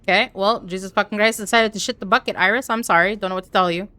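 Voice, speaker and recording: A young woman from Canada chatting casually on a live stream while gaming, talking to her chat with an animated, swearing manner. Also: medium pitch, quick pace, no echo. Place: home room.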